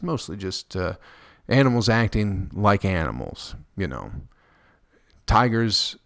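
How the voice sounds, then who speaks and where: Gravelly-voiced man in a crude rambling podcast ramble. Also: no echo, clean studio sound. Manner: crude, rambling, joking, swears a lot; mimics people in high squeaky voices. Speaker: podcast host. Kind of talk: casual solo podcast monologue.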